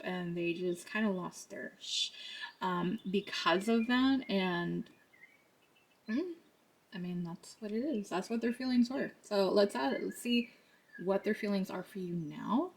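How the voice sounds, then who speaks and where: A woman's voice: medium pitch, vocal fry, a little mellow. A woman giving a casual tarot reading to camera, chatty and laughing often as she talks through the cards. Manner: chatty, laughs often, quotes others in put-on voices. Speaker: tarot card reader.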